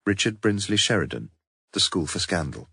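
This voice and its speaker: Male audiobook narrator, lowish voice, dry close sound, measured storytelling. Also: big pitch swings, vocal fry, pushed and bright, breathy edge, no room sound. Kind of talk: scripted narration.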